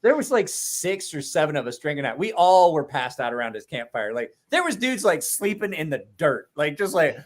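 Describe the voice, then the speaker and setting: A man's voice: a little high, very animated, normal speed, few pauses. A man in his forties, a podcast host telling a rowdy anecdote in casual, profane chat. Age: 40s. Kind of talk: casual storytelling.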